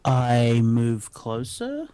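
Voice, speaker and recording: A man's voice: mid-range voice, wildly swooping pitch, very slow, warm tone, smooth. A man playing a tabletop role-playing game, casually describing his character's actions and laughing often. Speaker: player.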